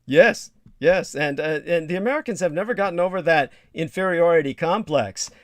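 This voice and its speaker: A man hosting a casual livestream conversation, wordy and deliberate, with hesitant fillers. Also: fairly high pitch, no echo. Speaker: host.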